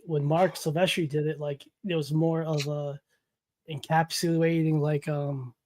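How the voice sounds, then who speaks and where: A man's voice: fairly high pitch, level tone, a little slow, a little mellow, no room sound. A man chatting about comic book art, rambling and trailing off mid-sentence, with crude jokes. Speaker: comic book stream co-host.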